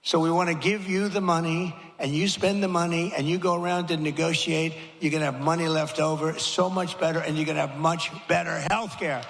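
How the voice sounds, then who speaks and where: An older man speaks from a rally stage in a raised, gravelly voice. His short, repetitive lines build to shouted slogans, and a long hall reverb trails each phrase. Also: a little high, steady tone, a little fast, few pauses. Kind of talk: rally speech.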